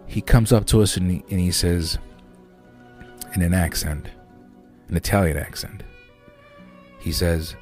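A man hosting a podcast, telling a rambling, profane story in a casual, animated way. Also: deep voice, a little slow, pauses often, faint music behind. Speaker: podcast host.

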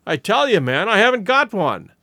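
A man voicing a surly, heavy-set male country innkeeper who speaks gruffly and grudgingly in an audiobook reading. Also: sits high, sing-song, moderate pace, sharp tone, no room sound, clean studio sound, voice pushed up, heavily acted.

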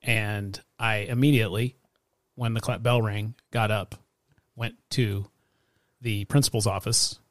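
A man co-hosting a podcast as a parent, talking in a laid-back, halting way with "uh" and restarts. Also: on the low side, steady tone, no echo, clean studio sound. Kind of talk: casual chat.

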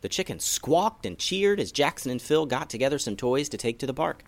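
A man telling a children's story with a very lively, sing-song pitch. His voice sits mid-range and gentle, rising and falling expressively as he reads to young listeners. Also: brisk. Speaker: storyteller, podcast host.

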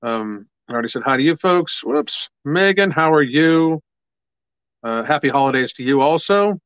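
A man's voice: fairly high pitch, animated, normal speed, a bit bright, clear, resonant tone, dry recording, muffled recording. A man hosting a casual livestream, chatting loosely with viewers, swearing freely and upbeat about his products. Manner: casual, profane, upbeat, reads viewer comments aloud. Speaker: livestream host.

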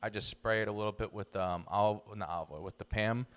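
A young podcast co-host with a fairly low, smooth and resonant voice. He talks in a plain, blunt, matter-of-fact way and slips in jokes. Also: fairly even intonation, fast talker. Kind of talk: casual chat.

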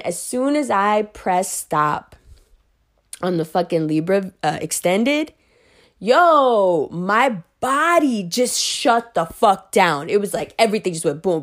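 A woman getting over the flu, talking to her viewers about astrology in a blunt, profane, animated ramble. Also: mid-range voice. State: recovering from flu, voice a bit off. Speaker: astrology content creator. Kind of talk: casual rambling monologue to viewers.

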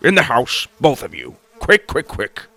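A man voicing a gruff, deadpan grandfather in a children's audiobook, grumbling with dry sarcasm. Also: mid-range voice, measured pace, no room sound, voice pushed up, full character voice. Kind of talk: audiobook character reading.

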